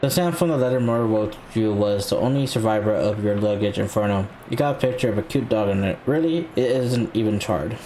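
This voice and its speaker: A man hosting a let's play, reading game text aloud in a casual way with quick reactions. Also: fairly low pitch, mellow, a little hiss or hum. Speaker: gaming channel host.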